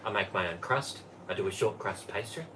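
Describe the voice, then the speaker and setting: A man's voice: on the low side, a little fast, noisy background. A man hosting a live cooking stream from his kitchen, chatting and greeting viewers by name. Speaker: livestream host and former Tupperware manager. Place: home kitchen. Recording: voice from a distance off the mic.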